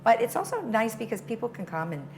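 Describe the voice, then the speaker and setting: A woman's voice: fairly high pitch, sing-song, fast, darkish tone, slight background noise. A woman hosting a community television interview, upbeat and encouraging as she draws out her guests. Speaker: TV show host. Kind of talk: friendly interview chat. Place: television studio.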